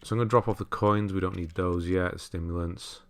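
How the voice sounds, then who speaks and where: Male game walkthrough host, deep voice, casual and self-deprecating. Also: brisk, clear, resonant tone. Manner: relaxed, chatty, laughs at himself, self-correcting. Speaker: walkthrough commentator. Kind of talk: casual gameplay commentary.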